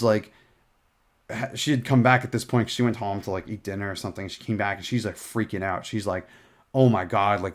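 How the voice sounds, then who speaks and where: A young man telling a story on his own casual show, loose and rambling, with frequent fillers and restarts. He swears freely as he goes along. His voice sits at an ordinary middle pitch for a man. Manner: rambling, profane, full of "like" and restarts. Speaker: podcast host.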